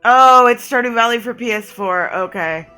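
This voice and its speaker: A young woman streams a video game, reading its narration aloud and breaking into frustrated, profane rants. Her voice is bright and sits a little high. Faint game music plays underneath. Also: moderate pace, clean tone. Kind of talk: live gameplay commentary.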